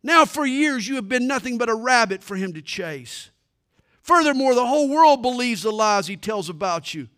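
A fiery male warrior scolds his leader in a high, loud voice, as a preacher puts him on. The tone is bright and sharp, pushed hard with emphasis. It sounds like a dramatic reading from the pulpit. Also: big pitch swings, moderate pace, exaggerated voice. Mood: reproachful. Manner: heated, raised voice. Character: angry, reproachful male warrior.

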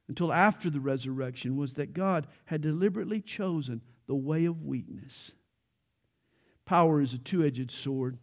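A man's voice: fairly high pitch, darkish tone. A man preaching a verse-by-verse Bible sermon, earnest and building to emphatic peaks, with light jokes along the way. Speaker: pastor.

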